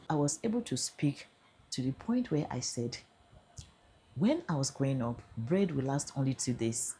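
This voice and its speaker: Low-voiced Nigerian woman recounting an ordeal. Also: lively intonation, normal speed, warm tone. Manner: earnest, shifts into Nigerian Pidgin. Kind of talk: emotional first-person account.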